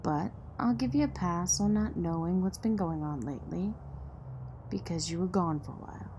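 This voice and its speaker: A woman playing a blunt, distrustful young woman from a poor neighborhood in an audio drama, sharp-tongued and sarcastic. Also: lowish voice, normal speed, a little hiss or hum, lightly acted.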